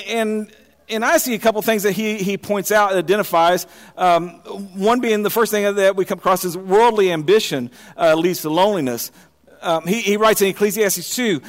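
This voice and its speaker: A man preaching a sermon, opening with folksy, self-deprecating jokes in a halting way before moving into scripture. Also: high-pitched, big-room sound.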